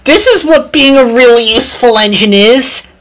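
A woman voicing a young female steam engine in a storybook tale, quick and boastful. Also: on the high side, pitched above the performer's own voice, lightly acted. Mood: earnest.

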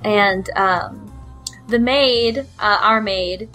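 A woman's voice: medium pitch, very slow, pushed and bright, soft background music. A woman chatting casually as a book club panelist, hesitant and giggly, full of fillers. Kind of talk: casual podcast chat.

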